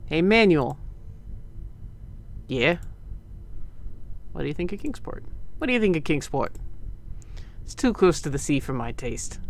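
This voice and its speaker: A streamer voicing a crew of rough small-time 1920s gangsters in a put-on vague East Coast accent, with a tough, swaggering drawl while reading game dialogue aloud. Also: medium pitch, lightly acted. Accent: put-on vague American East Coast.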